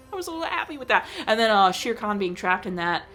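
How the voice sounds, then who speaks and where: A young woman talks casually about a film she just watched, gushing and animated and full of fillers. Her voice sits at a mid pitch. Faint music plays underneath. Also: a little fast. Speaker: host reviewing films. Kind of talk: casual chat.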